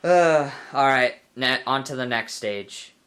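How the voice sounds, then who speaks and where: A man's voice: mid-range voice, slow. A young man giving casual, rambling commentary over a video game, full of fillers and playful asides. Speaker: let's play gamer. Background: loud game music.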